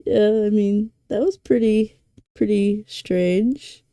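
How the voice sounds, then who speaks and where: Slow-talking young woman streamer. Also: medium pitch, mellow, no room sound, clean studio sound. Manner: drawn-out, slangy chatter. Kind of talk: casual stream chat.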